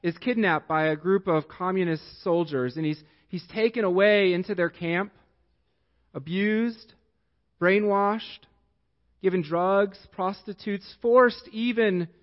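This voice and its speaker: Male pastor, fairly high voice, slow deliberate sermon, reverberant church, lo-fi. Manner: slow, deliberate storytelling with long pauses. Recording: echoey hall, dull lo-fi sound.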